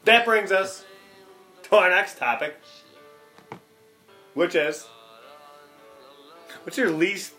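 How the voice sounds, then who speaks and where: Male co-host, loose comic chatter, bright tone, light music bed. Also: high voice, takes it slowly, long pauses. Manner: joking, rambling, bright delivery. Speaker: podcast co-host. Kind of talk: casual chat.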